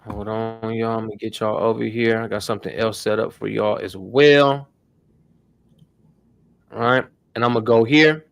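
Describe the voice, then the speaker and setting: A man's voice: on the low side, steady tone, moderate pace, creaky, no echo. A man hosting a casual tech tutorial stream, talking loosely in slang to his viewers. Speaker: host.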